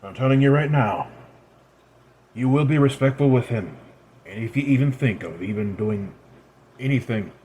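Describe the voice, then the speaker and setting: A man voicing a sly, hardened immortal woman, who talks quietly in a dry and knowing way. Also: mid-range voice, animated, normal speed, long pauses, a little hiss or hum, close to an everyday voice.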